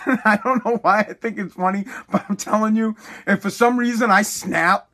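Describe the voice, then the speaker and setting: A man's voice: sits high, fairly even intonation, moderate pace, fairly bright tone. A man chatting casually as a podcast host, swearing freely, rambling with restarts and laughing as he retells things. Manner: profane, laughs often while retelling.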